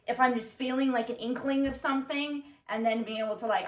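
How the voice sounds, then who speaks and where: A young woman, co-host and daughter, chatting in an animated, goofy way and acting out her own thoughts. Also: high voice, fast, few pauses. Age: young adult. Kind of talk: casual conversation. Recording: roomy, distant from the mic.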